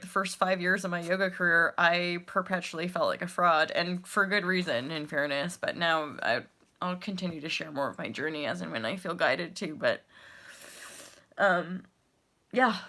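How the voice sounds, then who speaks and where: A woman's voice: mid-range voice, sharp tone. A woman in her thirties, a yoga teacher hosting a casual livestream, talking candidly, swearing freely and laughing often. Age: 30s. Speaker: yoga teacher and channel host.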